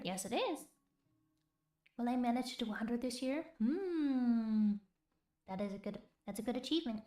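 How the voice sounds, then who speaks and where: A woman streamer speaking softly in a whispered role-play, chatting to her viewers with giggles between words. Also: fairly high pitch, lively intonation, normal speed, pauses often. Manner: soft whispered chat, giggly, chats with viewers. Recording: roomy with faint music.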